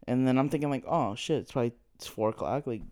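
A man's voice: mid-range voice, fast talker, warm tone. A man retelling a story in casual chat, swearing freely and acting out quoted dialogue.

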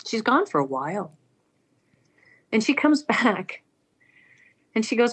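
A woman's voice: mid-range voice, unhurried, pauses often, husky. A woman earnestly telling a personal story aloud, acting out the people she quotes. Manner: earnest, animated, acts out quoted speech.

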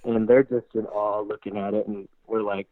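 A man excitedly telling a long hunting story, rambling and animated, with lots of fillers. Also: fairly low pitch, normal speed, no room sound. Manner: animated, rambling, heavy use of "like". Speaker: hunter guest. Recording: tinny phone-like line, dry.

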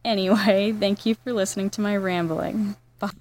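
A woman's voice: mid-range voice, steady tone, moderate pace, darkish tone, slight background noise. A woman politely asking a podcast question, apologetic and curious. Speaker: listener sending in a question.

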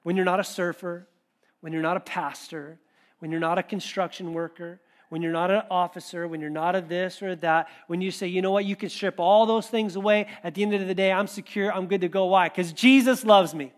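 High-voiced man preaching conversationally. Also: brisk. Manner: conversational, animated preaching with quoted asides. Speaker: pastor. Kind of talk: sermon.

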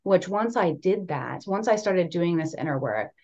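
A woman's voice: fairly low pitch, expressive, normal speed, warm tone, muffled recording. A young woman guest speaking candidly and casually, with many fillers like "like" and "right". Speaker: podcast guest. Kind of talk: casual conversational storytelling.

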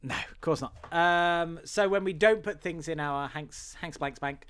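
Male podcast host, slightly high, resonant voice, dry room, wry and giggly. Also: measured pace, fairly bright tone, clean tone, no echo. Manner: wry, laughs often, rambling asides. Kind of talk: casual film podcast chat.

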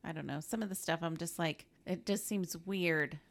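A woman co-hosting a podcast, chatting casually about a movie and thinking out loud in a low-key way. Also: moderate pace. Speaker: podcast co-host.

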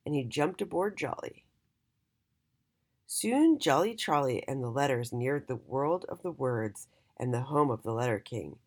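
Woman, children's storybook narration, expressive, very lively melody, husky. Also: extremely low pitch, unhurried.

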